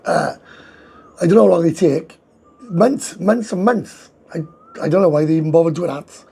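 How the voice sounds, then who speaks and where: A man's voice: sits high, normal speed, long pauses, warm tone. A tired man with a Welsh accent, chatting casually on his livestream, slangy and swearing, reading out viewer comments. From Wales. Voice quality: gravelly, husky voice. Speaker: livestream host. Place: indoors, sitting with a coffee.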